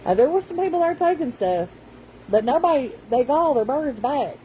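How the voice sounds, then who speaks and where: Chatty woman, dark voice. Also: high-pitched, animated, moderate pace, slight background noise, poor audio. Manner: rambling, chatty storytelling. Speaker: vlogger. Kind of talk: casual vlog chat.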